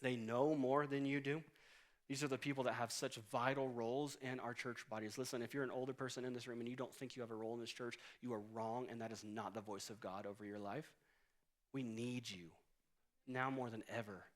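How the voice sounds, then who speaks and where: A man's voice: mid-range voice, steady tone, brisk. A man in his late thirties preaching a sermon as pastor, in a conversational, storytelling way with humor. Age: 30s. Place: church auditorium stage.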